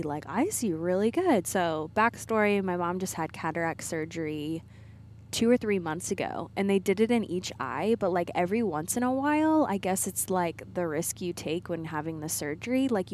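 A woman's voice: on the low side, a little mellow. A woman co-host talks casually into a mic from a parked car. She rambles through her story and laughs at herself. A faint background hum sits under her voice. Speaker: podcast co-host. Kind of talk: casual solo chat.

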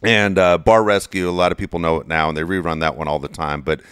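A middle-aged man co-hosting a casual father-son podcast, telling stories in an animated way, his voice jumping high when he gets excited. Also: quick pace, clean tone, no room sound, clean studio sound. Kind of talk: casual storytelling chat.

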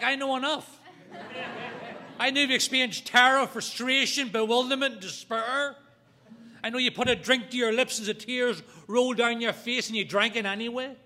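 A man's voice: sits high, pushed and bright. A man speaking as the main speaker at a recovery meeting, telling his story in an earnest, conversational way. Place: meeting room, also streamed online.

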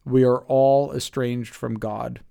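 A man hosting a casual Bible study podcast, his voice sitting at an ordinary middle pitch. He reads scripture, then thinks aloud with fillers and restarts. The recording is dry and close, with no room sound. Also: flat delivery, slow pace, gravelly, warm tone, no echo. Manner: thoughtful, with many fillers and restarts. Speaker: podcast host.

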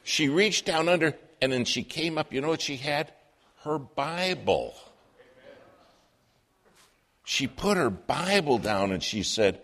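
A male preacher telling a story in a sermon, in an animated, humorous way. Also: a little high, a little slow.

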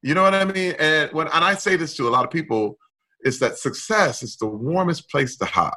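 Emphatic, expressive middle-aged man. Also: a little high, brisk. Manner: emphatic, expressive, swings between loud and soft. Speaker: guest. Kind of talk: candid conversation.

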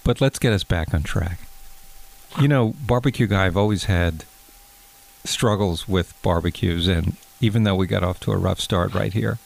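A man playing a touchy, fondue-loving guest who talks in a deadpan, stammering way in an improvised comedy bit. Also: sits low, moderate pace, vocal fry.

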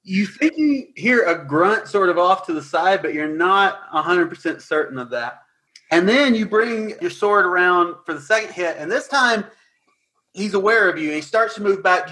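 A man narrating as dungeon master, recapping and describing scenes in a lively way with some fillers. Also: high voice. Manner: animated, quick recaps with fillers. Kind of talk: tabletop game narration.

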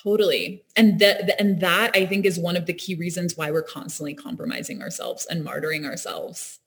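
A woman's voice: on the low side, steady tone, a little fast. A woman talking in a reflective, earnest way, often laughing and restarting her sentences. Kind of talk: reflective casual conversation.

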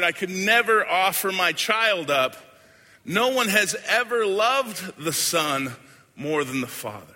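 A man preaching a sermon as a pastor, earnest and deliberate, often letting his lines fade softly at the end. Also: sits high. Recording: hall with long reverb.

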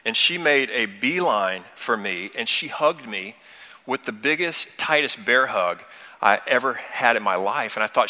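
A man's voice: medium pitch, lively intonation, a little slow, pushed and bright. A middle-aged man pastor preaching a sermon earnestly, telling personal stories. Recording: long hall reverb.

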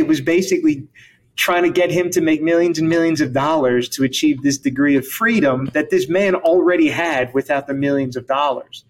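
A man's voice: fairly high pitch, moderate pace. A man hosting a casual conversation, telling a long joke and acting out the dialogue in it. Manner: animated storyteller, acts out dialogue, laughs.

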